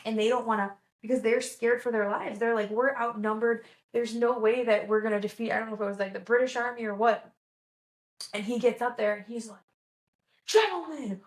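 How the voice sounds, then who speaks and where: A woman telling a casual, animated story as a vlogger, full of "like" fillers and acted-out quotes. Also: a little high. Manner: chatty, animated, lots of "like" fillers, acts out quotes. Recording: echoey room.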